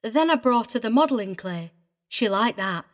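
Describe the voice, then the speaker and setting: A prim, tearful middle-aged governess, played by a woman in an audiobook drama. She sits a touch high in pitch and talks in an agitated, wavering way, primly proper even when upset. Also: normal speed, close to an everyday voice. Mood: vehement, tearful.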